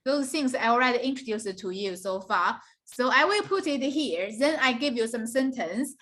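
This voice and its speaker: A woman's voice: on the high side, expressive, normal speed, a bit bright. A woman teaching a beginner Mandarin lesson, explaining patiently and often checking in with "okay?" and "right?". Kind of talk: online beginner language lesson.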